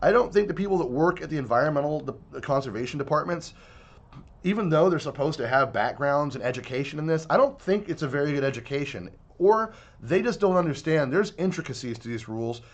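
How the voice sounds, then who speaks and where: A man's voice: a little high, expressive, quick pace. A man giving a heated, profane video commentary rant, sounding exasperated. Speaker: online commentator.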